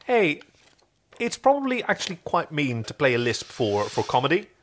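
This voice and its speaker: An animated male podcast host chats and reads fan fiction aloud, and he jumps readily into character voices. His pitch swings widely as he talks, and his delivery is expressive and casual. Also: moderate pace.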